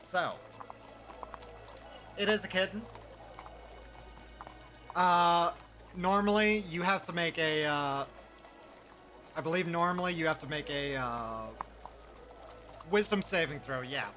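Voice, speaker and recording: A man running a tabletop game, chatty and quick to laugh, with many fillers. His voice is somewhat high for a man. Music plays clearly in the background. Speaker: game master.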